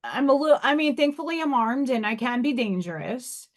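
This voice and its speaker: A woman's voice: high voice, lively intonation, a little fast. A woman from New York hosting a casual livestream, talking frankly and emphatically to her viewers. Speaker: livestream host.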